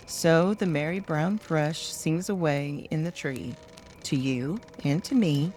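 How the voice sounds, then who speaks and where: An older woman reads children's poetry aloud in a soft-spoken, gentle manner. Her pace is very unhurried and her voice sits somewhat low. A faint hum of background noise lies beneath her reading. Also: animated. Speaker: storyteller.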